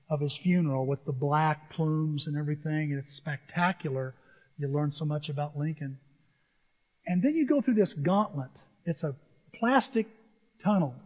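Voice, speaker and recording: An older man preaching a sermon, telling stories with animated acted-out voices. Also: on the high side, breathy edge. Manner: animated storytelling, acts out voices. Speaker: pastor. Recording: dull lo-fi audio with hall reverb.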